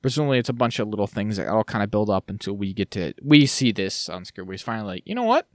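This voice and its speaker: A man co-hosting a podcast in casual chat; animated, laughs often and slips into silly voices. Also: lowish voice, fast, no echo, studio quality. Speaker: podcast co-host.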